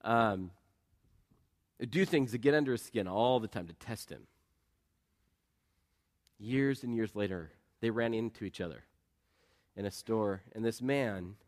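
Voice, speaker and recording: A man's voice: on the low side, slow pace, long pauses. A middle-aged man preaching a sermon in an earnest, conversational way, asking the congregation questions and telling personal stories. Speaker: pastor.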